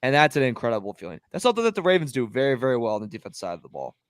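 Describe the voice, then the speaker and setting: A man co-hosting a sports podcast, talking in an excitable, emphatic way in casual chat. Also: medium pitch, racing, clean tone, no echo, studio quality. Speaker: podcast co-host.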